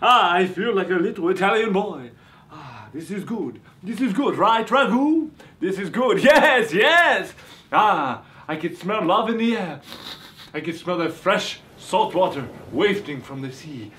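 A man's voice: high voice, sing-song, unhurried, exaggerated voice. A man doing a hammy campy vampire. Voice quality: theatrical, sudden shouts. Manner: hammy, boastful. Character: campy male vampire turned beach boy. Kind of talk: comedy sketch.

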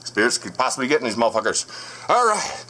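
A man's voice: mid-range voice, sing-song, fast, pushed and bright. A man in his thirties filming a casual vlog inside his house on a handheld phone, talking bluntly, combatively and swearing constantly. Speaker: paranormal vlogger. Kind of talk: profane casual vlog rant.

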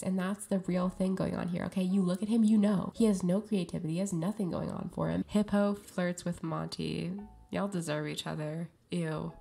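A woman with a low, gravelly voice riffs through comedic gameplay commentary. She is sarcastic and theatrical, and she often swings into exaggerated outrage. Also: a little mellow. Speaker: gaming YouTuber.

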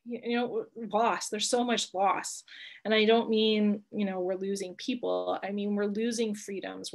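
A woman in her thirties teaching a live online class on handling emotions, chatty and reassuring, laughing often and checking in with "right?". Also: medium pitch. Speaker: coach teaching emotional wellbeing.

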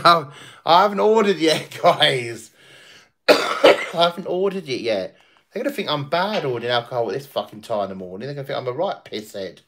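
A man's voice: a little high, fairly bright tone. A man hosting a casual livestream, crude, swearing and boisterous. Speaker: livestream host.

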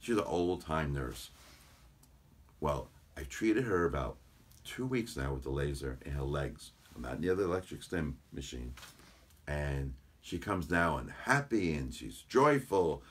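A man, a chiropractor, chatting as an interview guest and telling lively stories about his patients. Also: rumbling low, unhurried, slightly rough. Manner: animated anecdotes, quotes patients in voices. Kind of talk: casual interview storytelling.

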